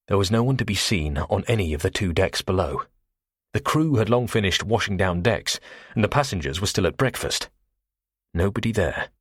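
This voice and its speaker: A man reads a first-person thriller audiobook in a measured, steady voice. His tone is low and slightly husky. The sound is close and dry, with no room around it. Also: dry recording. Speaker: audiobook narrator.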